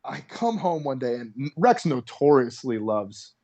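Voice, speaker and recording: A man's voice: mid-range voice, very animated, unhurried, a little mellow. A young adult male comedian telling a story in casual chat over a video call, in an intense, profane way. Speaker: comedian guest.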